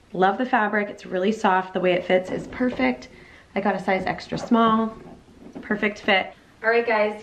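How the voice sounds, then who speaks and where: A woman's voice: medium pitch, slight background noise. A young woman, a fashion vlogger, chatting in a bubbly way while she tries on clothes for a haul video. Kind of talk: try-on haul vlog. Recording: roomy, distant and slightly dull.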